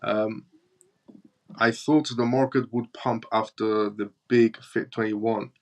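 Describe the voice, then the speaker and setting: A man's voice: on the low side, steady tone, slow, darkish tone. British man hosting a blunt live stream. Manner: blunt, mocking, reads comments aloud. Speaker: crypto livestream host. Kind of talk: live stream news and chat reading.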